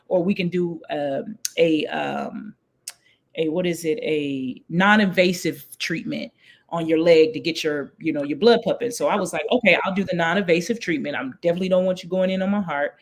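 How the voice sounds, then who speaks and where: Animated woman telling her story. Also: fairly low pitch, normal speed. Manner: animated, acts out quoted voices. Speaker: guest. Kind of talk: storytelling in a casual interview.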